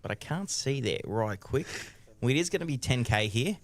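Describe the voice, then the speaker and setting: A man's voice: medium pitch, animated, moderate pace. A man doing live poker commentary, chatty and teasing his co-host.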